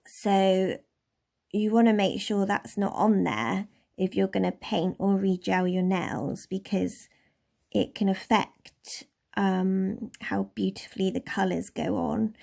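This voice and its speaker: English woman from somerset doing a nail tutorial, bit of vocal fry, easygoing and chatty. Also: medium pitch. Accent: posh-leaning southern English. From Somerset, England. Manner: chatty, relaxed, with soft laughs. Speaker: beauty tutorial host.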